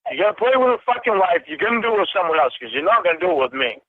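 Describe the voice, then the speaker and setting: A man rages through a phone call, his voice pitched unusually high for a man. He swears and accuses without pause. The line is thin and tinny, with a dry, close sound. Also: sing-song, dry recording. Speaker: caller. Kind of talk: angry phone confrontation.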